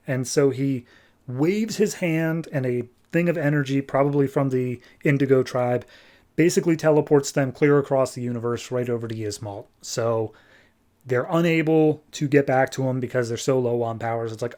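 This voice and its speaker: Male podcast host, mid-pitch voice, breezy recap with quick character voices. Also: a little mellow. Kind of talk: casual comic book recap.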